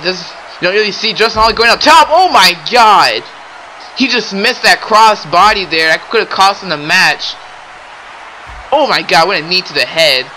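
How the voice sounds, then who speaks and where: A young man doing excitable play-by-play wrestling commentary, often exclaiming and addressing the audience. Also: on the high side, a little hiss or hum, poor audio. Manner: excitable, keeps exclaiming and saying ladies and gentlemen.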